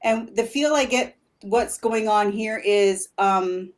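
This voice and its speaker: A woman's voice: mid-range voice, slow. A woman guest talking casually as a paranormal investigator. She rambles and halts with many fillers, and she laughs easily. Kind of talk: casual interview chat.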